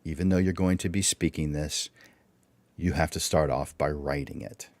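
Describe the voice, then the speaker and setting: Male workshop presenter, deep-voiced, instructive, quizzes the listener with rhetorical questions, dry close sound. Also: steady tone, moderate pace, darkish tone, no echo. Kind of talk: livestreamed speaking workshop.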